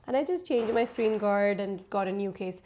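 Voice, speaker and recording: A lifestyle vlogger in her twenties gives frank, chatty life advice to camera, sounding like a big sister. Her voice is medium-pitched and warm at a moderate pace, with a little hiss or hum in the recording.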